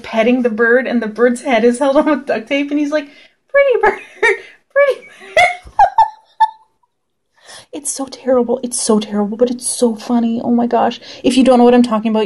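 A young woman talking casually to camera, chatty and excitable, swearing freely as she answers questions. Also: fairly high pitch. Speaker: vlogger.

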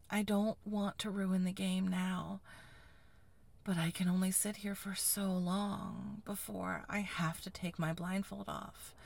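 A woman telling an intimate story in first person in a breathy, sighing, hushed whisper, as a whispered role-play. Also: mid-range voice, level tone, takes it slowly. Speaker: erotic audio narrator.

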